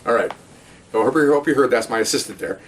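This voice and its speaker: A middle-aged man, a former police officer, telling a story from his patrol days in a casual, animated way, talking to his listeners. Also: medium pitch, fast talker, far from the mic, a little hiss or hum. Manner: conversational, animated, asides to listeners.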